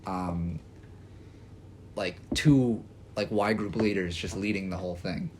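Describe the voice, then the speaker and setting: A man's voice: low voice, a little slow, a little mellow, slight background noise. A young man co-hosting a podcast, telling a story in casual chat with hesitant fillers. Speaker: podcast co-host.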